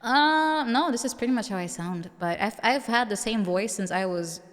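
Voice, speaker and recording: A woman's voice: on the high side, animated, moderate pace, in a large hall. A woman streamer with a mature-sounding voice, chatting casually with viewers and giggling often.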